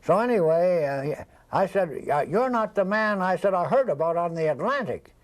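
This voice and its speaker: Old guy with a high voice rambling thru a story, doing all the other people's lines himself. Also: animated, normal speed, poor audio. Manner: rambling, acts out the voices of people in his stories. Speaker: interviewee, storyteller. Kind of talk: casual anecdotal storytelling.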